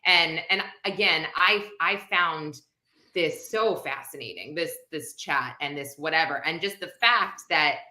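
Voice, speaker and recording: A woman's voice: deep voice, measured pace, pushed and bright. A woman hosting a live stream, talking in a chatty, rambling way with many fillers. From United States. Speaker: host. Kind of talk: casual live-stream chat. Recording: echoey room.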